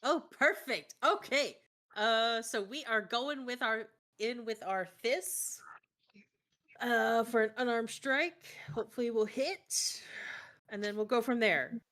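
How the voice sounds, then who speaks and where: Cheery woman playing a tabletop game, bright punchy voice, laughs a lot. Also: fairly high pitch, takes it slowly. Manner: upbeat, laughs through lines. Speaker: player.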